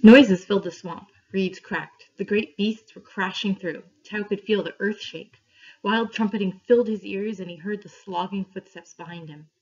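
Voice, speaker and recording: A woman reading a story aloud to her class, clear and steady, pausing for questions. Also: on the low side. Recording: dull lo-fi recording.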